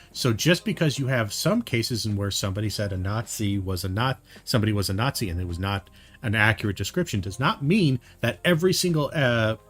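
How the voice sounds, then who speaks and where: Male commentator, mid-pitched, loose and rambling, a bit worked up, light music bed. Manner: rambling, heated, many fillers and restarts. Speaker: commentator reacting to a video. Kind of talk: casual spoken commentary.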